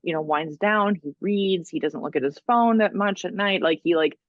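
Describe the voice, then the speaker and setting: A woman's voice: fairly low pitch, normal speed, no room sound, dull audio. A woman co-hosting a podcast, telling stories in casual chat, full of "like"s and laughter. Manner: animated storytelling with many "like"s and laughs. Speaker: podcast co-host.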